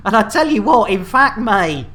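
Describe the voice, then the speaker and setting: Woman streamer, cheeky banter, mid pitch, playful host energy. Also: big pitch swings, normal speed, a bit bright. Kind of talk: lively live-stream chat.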